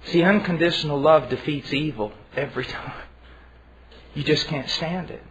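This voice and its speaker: A man preaching a sermon in an earnest, emphatic way, with halting restarts. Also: on the high side, a bit bright, slightly rough. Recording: dull lo-fi recording.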